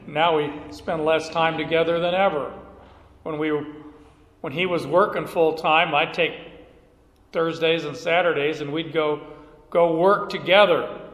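A man's voice: on the high side, steady tone, unhurried, long pauses, fairly bright tone. A middle-aged man preaching a sermon, telling stories with emphatic delivery, recorded in a church hall. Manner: storytelling, emphatic. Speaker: pastor. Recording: echoey hall, roomy reverb.

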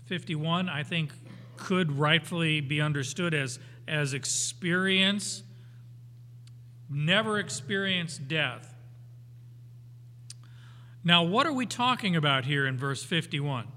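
An older man teaching through a Bible passage in a folksy, unhurried way, slowing down to read the verses emphatically. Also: on the high side, expressive, sharp tone. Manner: folksy, unhurried, with anecdotes and chuckles; emphatic when reading scripture aloud. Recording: hall reverb.

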